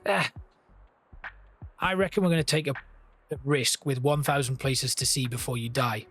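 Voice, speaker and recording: A man's voice: medium pitch, moderate pace, fairly bright tone, soft background music. A man giving casual gameplay commentary, chatting and thinking aloud as he plays and reads game text.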